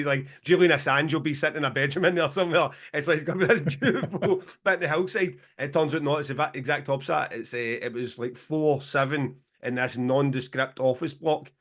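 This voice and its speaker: A man's voice: fairly high pitch, fast talker, few pauses, fairly bright tone. A man in his forties co-hosting a podcast, telling a long story in casual chat, swearing freely and laughing as he goes. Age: 40s. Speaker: podcast co-host.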